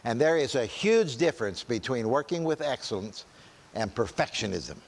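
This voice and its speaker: A man's voice: medium pitch, very animated, normal speed. A man gives a church seminar in a mid-range voice, talking casually and often checking in with "right?" His sentences break off and restart as he goes. The sound carries the long reverb of a large meeting hall. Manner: conversational, often asks "right?", frequent restarts.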